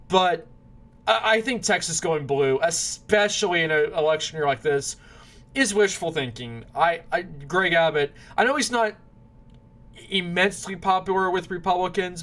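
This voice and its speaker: A man's voice: high-pitched, fairly bright tone. Chatty man rambling through predictions. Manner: rambling, self-correcting, apologetic over names. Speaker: political commentator. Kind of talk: casual predictions monologue.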